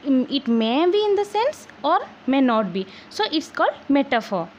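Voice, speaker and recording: A woman teaching a literature lesson off the cuff, pausing often with fillers and spelling words out. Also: sits high, very animated, darkish tone, highs cut off, a little hiss or hum. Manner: unscripted, many "uh" fillers, spells words out letter by letter. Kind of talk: explanatory lesson narration.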